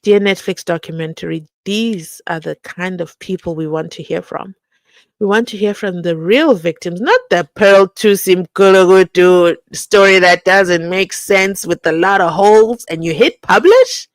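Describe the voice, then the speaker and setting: A young South African woman hosting a live entertainment commentary stream, expressive and chatty, with sudden exclamations as she reads through viewer comments. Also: fairly low pitch, a little slow, no room sound.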